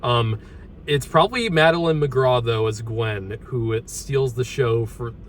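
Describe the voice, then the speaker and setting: A man hosting a casual movie review, halting often with ums and restarts as he talks through a horror mask. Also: mid-range voice, a little hiss or hum.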